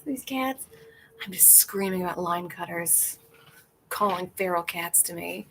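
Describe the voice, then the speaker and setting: A woman's voice: lowish voice, measured pace, fairly bright tone, slight background noise. A woman hosting a casual livestream outdoors, chatting in a rambling way and laughing often. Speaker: livestream host.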